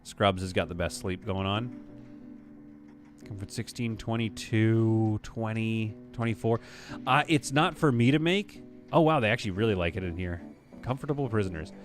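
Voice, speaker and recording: Low-voiced man streaming a game. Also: normal speed, soft background music. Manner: chatty, muses aloud, reads chat. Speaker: streamer host. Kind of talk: casual live-stream gameplay commentary.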